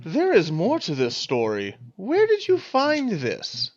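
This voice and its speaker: A woman's voice: medium pitch, wildly swooping pitch, slow pace, lo-fi sound, heavy background noise, pitched above the performer's own voice. A man voicing a menacing snake-eyed woman who politely insists on getting her way in a tabletop game. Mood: insistent.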